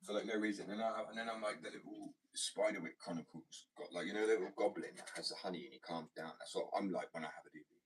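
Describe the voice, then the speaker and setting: Young guy, very low voice, rambly and sweary, sounds a bit far from the mic. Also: fast talker, few pauses. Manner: rambling, sweary, drifts into whispers. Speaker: vlogger. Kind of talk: casual rambling chat. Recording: far from mic, faint noise.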